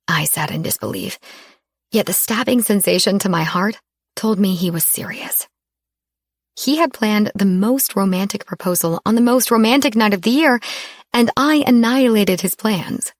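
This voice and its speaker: A woman narrating a first-person romance audiobook in a soft, intimate storytelling manner. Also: medium pitch, normal speed, dry recording, clean studio sound.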